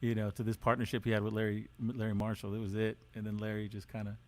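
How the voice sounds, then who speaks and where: A man co-hosts a podcast in a relaxed, joking manner. His voice sits a little low, and he hesitates often, leaning on fillers as he talks. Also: fast. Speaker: podcast co-host. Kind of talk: casual chat.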